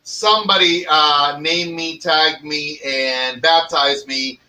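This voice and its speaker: A man's voice: on the high side, steady tone, slow, pushed and bright. A man hosting a podcast, cracking profane jokes and ribbing his co-hosts in casual banter. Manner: brash, profane, joking banter. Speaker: podcast host. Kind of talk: casual comedic chat. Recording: voice a bit distant from the mic.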